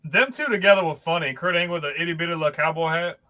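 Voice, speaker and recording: Slangy man with a high bright voice. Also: very fast. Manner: slangy, calls people bro and dog. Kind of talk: casual chat.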